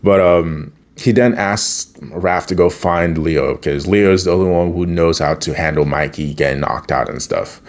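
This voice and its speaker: A man's voice: low-pitched, normal speed, hardly any pauses. A young man casually recapping a cartoon episode, rambling, laughing often and swearing now and then.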